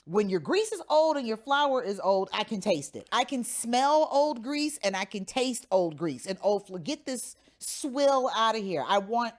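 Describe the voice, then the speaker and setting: A woman's voice: on the high side, sing-song, normal speed, hardly any pauses. A woman with a St. Louis accent co-hosting a podcast, chatting casually and telling stories with emphasis. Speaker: podcast co-host. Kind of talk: casual chat.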